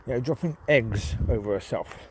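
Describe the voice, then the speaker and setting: A man's voice: medium pitch, moderate pace, darkish tone, a little hiss or hum. A man with a nasal voice talking casually while walking his dogs outdoors in the woods, with plenty of ums. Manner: rambling, many ums, calls out to dogs. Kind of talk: casual walk-and-talk monologue.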